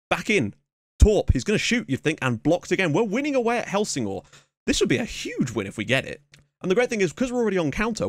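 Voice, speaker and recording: A man hosting a let's play, giving excitable running commentary on a match with sudden yelps at big moments. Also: fairly high pitch, no room sound. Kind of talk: casual gameplay commentary. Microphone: camera mic.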